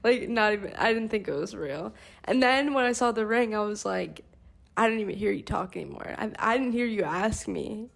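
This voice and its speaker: A young woman in casual chat, excitable and quick to laugh, using slang. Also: mid-range voice, creaky.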